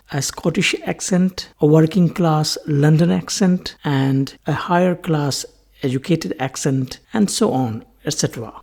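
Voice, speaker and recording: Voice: medium pitch, creaky, a little mellow, slightly rough. A teacher giving a scripted lecture in a plain, explanatory way. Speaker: English teacher.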